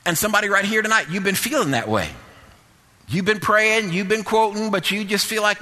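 A man's voice: high-pitched, normal speed, sharp tone, long reverb tail. A man preaching a sermon, telling a story with quoted dialogue and repeating key phrases to his congregation.

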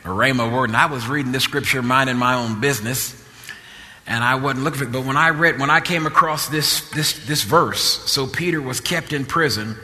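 A man's voice: mid-range voice, fairly quick, sharp tone, in a large hall. A man preaching a sermon in a church, with an impassioned, repetitive preaching cadence.

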